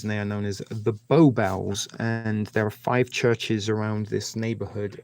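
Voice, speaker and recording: A man with a gravelly, creaky voice hosts a casual live stream, rambling from one thing to the next. His pitch sits in an ordinary middle range, and he keeps chatting to his viewers by name as he goes. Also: darkish tone.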